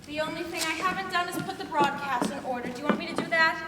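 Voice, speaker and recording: Casting: a girl doing a brisk, practical secretary, very high voice, echoey hall far off. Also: heavy background noise. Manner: brisk, businesslike. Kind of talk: high school stage play.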